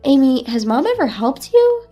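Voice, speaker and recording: Woman doing a lawyer sister-in-law, firm, indignant, high voice. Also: sing-song, normal speed, warm tone, soft background music. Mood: cold. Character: stern female lawyer, protective sister-in-law.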